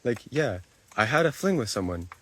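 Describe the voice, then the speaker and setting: A man's voice: mid-range voice, very animated, moderate pace, fairly bright tone. A man livestreaming to his chat, talking defensively, repeating himself and swearing.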